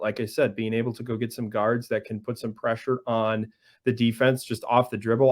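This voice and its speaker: A man who is a guest sports writer, breaking down a team in quick, chatty analysis with many "like"s. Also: mid-range voice.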